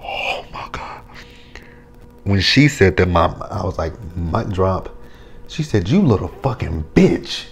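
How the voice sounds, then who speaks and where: Low-voiced man recapping a TV episode. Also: vocal fry. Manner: animated, profane, acts out the scenes with quotes. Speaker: TV episode reviewer. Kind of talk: casual recap vlog.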